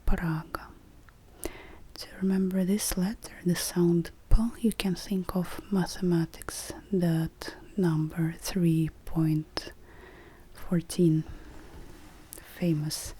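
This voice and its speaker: Woman teacher for a whispered role-play, low-pitched, flat and calm, faint room noise under the voice. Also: husky. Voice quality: soft whispering, slow and deliberate. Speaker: language teacher.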